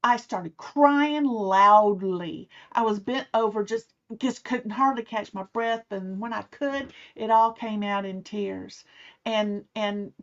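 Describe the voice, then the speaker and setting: A woman's voice: medium pitch, slow pace. A middle-aged woman telling a personal story in a casual way, acting out the people she quotes. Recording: slightly muffled, dull sound.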